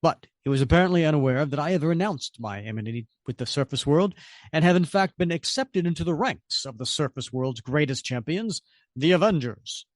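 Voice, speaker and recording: A man's voice: a little high, lively intonation, brisk, no room sound, studio quality, close to an everyday voice. A man voicing a proud, brooding undersea prince who speaks in formal, stately lines from a comic. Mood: solemn.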